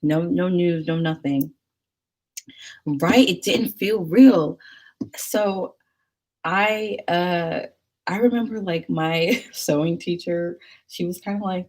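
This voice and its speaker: Husky low-voiced woman telling stories. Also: measured pace, a little mellow. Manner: chatty, rambling, many "like" fillers. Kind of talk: casual storytelling chat.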